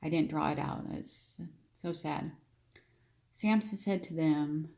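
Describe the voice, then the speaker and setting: A woman's voice: low-pitched, slow pace, vocal fry, a little mellow. A woman teaching a Bible story, reading verses and chatting through them with restarts, repeating phrases and acting out the figures' lines with emphatic lifts. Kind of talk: casual Bible reading and explanation.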